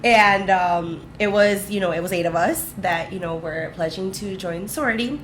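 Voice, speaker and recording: This young woman co-hosts a casual chat podcast and tells stories with lively, animated energy. Her voice sits at a middle pitch, with a faint hiss of noise behind her. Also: normal speed. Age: young adult. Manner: animated storyteller who acts out quotes. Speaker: podcast co-host.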